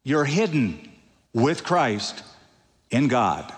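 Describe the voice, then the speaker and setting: A man preaching a sermon, emphatic, with slow, deliberate phrases. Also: mid-range voice, sing-song, husky. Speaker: pastor. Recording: long reverb of a large hall.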